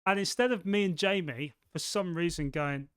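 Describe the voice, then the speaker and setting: English guy cohosting a podcast, rambly and animated, kinda high voice. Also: moderate pace, clean tone, no echo. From England. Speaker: podcast co-host. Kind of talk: casual chat. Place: studio.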